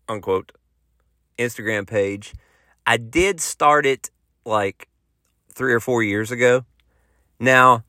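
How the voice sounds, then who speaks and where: A man's voice: mid-range voice, sharp tone, no room sound, studio quality. A man with a Southern US accent, hosting a podcast and telling a joking, folksy tall tale in a casual storytelling style. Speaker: podcast host, country musician.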